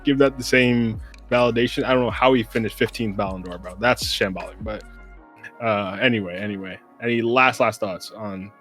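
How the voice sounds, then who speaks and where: Low, laid-back American podcast host. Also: male voice, normal speed, fairly bright tone, faint music behind. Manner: rambling, laid-back, lots of "bro". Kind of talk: casual sports podcast chat.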